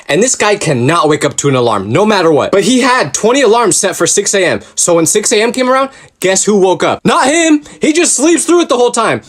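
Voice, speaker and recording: A young man telling comic stories about everyday mishaps in an animated, exasperated way. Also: sits high. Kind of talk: comedic storytelling skits.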